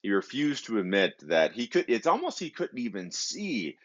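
A podcast host with a very deep voice, talking in a measured, reflective way. His sound is dull and lo-fi. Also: wildly swooping pitch, a bit bright. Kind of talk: conversational podcast talk.

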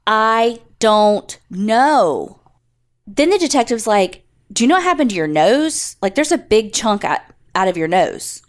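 A woman co-hosting a podcast, telling a story in loose conversational chat. She curses freely and slips into the voices of the people she quotes. Her pitch sits in an ordinary middle range. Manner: casual, swears freely, acts out quotes. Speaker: podcast co-host. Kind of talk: casual storytelling.

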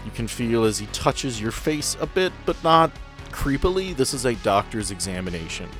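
A man narrating as game master for a tabletop game, setting scenes in an unhurried, descriptive way. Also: mid-range voice, sing-song, fairly bright tone, faint music behind.

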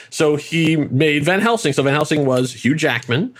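A man's voice: a little high, moderate pace. A man hosting an interview, rambling and friendly, stumbling his way into his questions. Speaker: podcast host. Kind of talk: casual interview chat.

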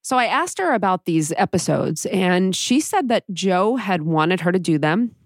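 A woman hosting a podcast, explaining things in a measured way. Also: fairly low pitch, very animated, dry recording, clean studio sound. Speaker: podcast host. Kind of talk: podcast narration and discussion.

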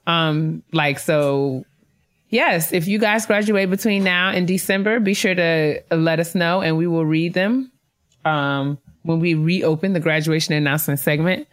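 A woman's voice: low voice, measured pace. A woman co-hosting a casual podcast, reading listener emails and congratulating graduates with easy laughter. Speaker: podcast co-host.

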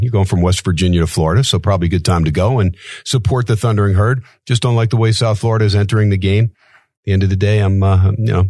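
A low-voiced man on a betting panel rattles off his picks fast, full of fillers and little laughs at himself. The sound is dry and close to the mic. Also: darkish tone, no echo. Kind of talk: casual betting analysis.

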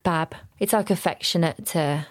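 Chatty Birmingham woman, low and dry. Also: normal speed, no room sound. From Birmingham, England. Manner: chatty, laughs often, mimics voices. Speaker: podcast guest. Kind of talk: casual chat.

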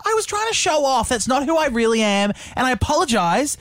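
A man's voice: very high voice, big pitch swings, a little fast, few pauses, a bit bright, no echo, studio quality. A man co-hosting a radio show, playful and self-mocking. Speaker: radio co-host. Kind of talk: radio banter. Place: radio studio.

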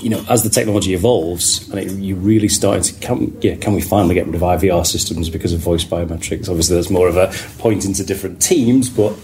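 A man with a low voice thinks aloud during a casual panel chat, tripping over restarts as he goes. A faint noise sits under his voice. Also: a little mellow. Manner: thoughtful, halting restarts. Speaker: podcast co-host.

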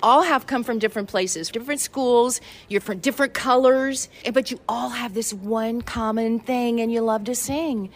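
A woman's voice: a little high, normal speed, few pauses. A woman interviewing people on location, asking friendly, encouraging questions.

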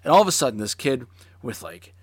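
A man's voice: mid-range voice, a little fast, breathy edge, no room sound. Casual man telling a story, dry sound. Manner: animated, swearing, lots of fillers.

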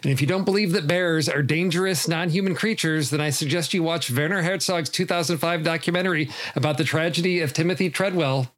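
Higher-voiced man co-hosting a film chat. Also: brisk, few pauses, fairly bright tone. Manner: earnest, stumbles and repeats words. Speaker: podcast co-host.

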